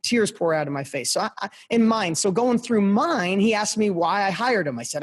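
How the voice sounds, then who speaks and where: A man's voice: sits high, expressive, brisk, few pauses. A middle-aged man guesting on a podcast, telling a personal story in a passionate, emphatic motivational style and speaking straight to the listeners. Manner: passionate, emphatic, repeats phrases for punch.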